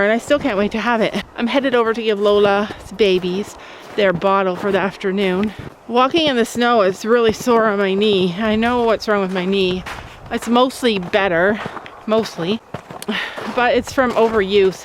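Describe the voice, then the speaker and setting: Excitable woman vlogging outside on a snowy farm, kinda high voice, keeps going "you guys". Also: background noise. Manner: chatty and excitable, repeats herself, addresses viewers as you guys. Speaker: vlogger on a family homestead. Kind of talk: casual vlog talk to camera.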